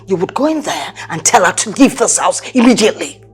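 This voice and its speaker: A woman's voice: mid-range voice, lively intonation, fairly quick, faint music behind, lightly acted. An actress playing a proud, domineering mother-in-law in a film, commanding and imperious, with a Nigerian English accent.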